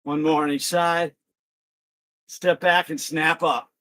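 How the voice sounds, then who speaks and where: A man leading an online exercise class, energetic, calling out counts and shouting encouragement to students by name. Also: fairly high pitch, slow pace.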